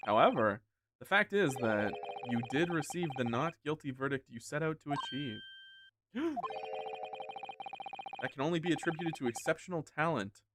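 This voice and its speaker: A streamer doing a formal, measured British lord. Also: male voice, a little high, animated, noisy background, close to an everyday voice. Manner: measured, formal, faintly condescending. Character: composed, formal British lord, middle-aged man. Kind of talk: reading game dialogue aloud. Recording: game music behind the voice.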